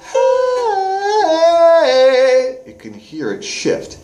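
Vocal coach in a roomy studio. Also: male voice, on the low side, normal speed, a little mellow, faint music behind. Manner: explains step by step, breaks into sung vocal exercises. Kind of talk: singing lesson with sung demonstrations.

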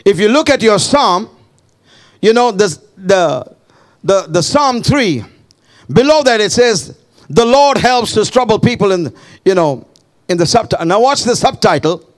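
A man preaching a sermon as pastor to his church, building to shouted, impassioned calls and call-and-response with the congregation. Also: sits high, lively intonation, unhurried.

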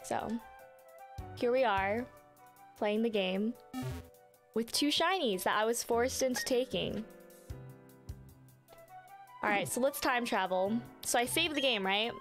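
A woman with a high voice chats casually while she streams a game. She tells her stories with lively energy and lots of fillers, swearing now and then. Faint music plays underneath. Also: slow pace, long pauses. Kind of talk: casual chat while playing a game live.

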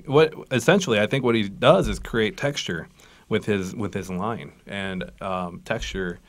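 A man's voice: lowish voice, a little slow. A man, a guest cartoonist, explaining his craft earnestly in a casual chat.

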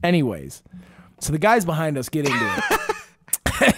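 Ranting high-voiced Midwestern man. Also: big pitch swings, moderate pace, pauses often, fairly bright tone, no room sound, studio quality. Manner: ranting, profane, mock-angry outbursts. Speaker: podcast host. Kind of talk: casual podcast chat.

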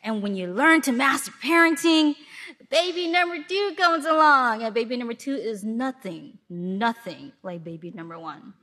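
A woman from Milwaukee giving a sermon to a congregation, telling stories in a lively way and acting out what people say. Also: a little high, normal speed. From Milwaukee, Wisconsin. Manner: lively storytelling with acted-out asides. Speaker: congregation speaker.

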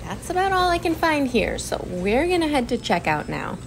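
Chatty upbeat mom vlogging, noisy background. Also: female voice, high voice, big pitch swings, moderate pace. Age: 40s. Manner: chatty and upbeat, lists items out loud. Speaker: vlogger mother of a large family. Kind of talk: casual shopping vlog chat.

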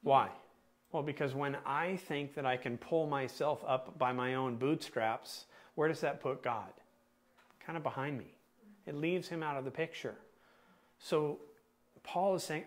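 Male pastor, unhurried sermon delivery, medium voice, rhetorical questions, weighted pauses. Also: medium pitch. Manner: asks the congregation questions, deliberate emphatic pauses.

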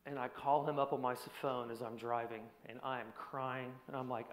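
A man preaching a personal testimony sermon in an earnest voice, dropping to a hushed tone at heavy moments. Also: medium pitch, fairly even intonation, normal speed, hardly any pauses. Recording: echoey hall.

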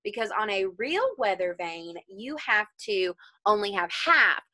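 A woman teacher reading a folktale aloud to young children, pausing to ask them questions about the story. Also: medium pitch, dry recording. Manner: expressive, questioning the listeners.

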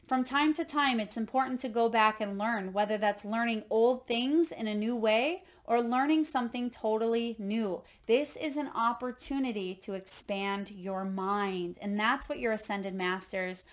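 A woman delivers a spiritual oracle card reading in a gentle, encouraging way. Her voice sits a little high. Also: moderate pace, hardly any pauses. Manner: gentle, encouraging, tells parables. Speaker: intuitive coach reading oracle cards.

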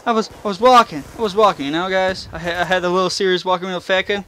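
A man's voice: high voice, fairly even intonation, rapid-fire, pushed and bright. A young man rambling and swearing through gameplay commentary at home, mocking himself as he goes. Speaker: gaming channel host. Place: room in his house. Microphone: face cam desk mic.

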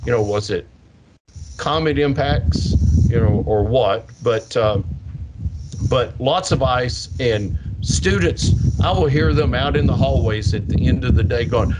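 Older man, science educator, animated storyteller, mimics kids. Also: medium pitch, a little slow, heavy background noise. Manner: animated, acts out kids' voices. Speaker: science educator with a portable planetarium. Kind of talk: interview answer, storytelling.

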